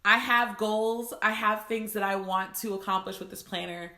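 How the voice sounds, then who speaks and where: A woman's voice: medium pitch, steady tone, normal speed, pushed and bright, reverberant. A woman from the United States talking casually to her viewers about her handmade planner, emotional and laughing. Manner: emotional, laughing, fighting tears. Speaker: planner maker and content creator. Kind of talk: casual vlog talk to viewers.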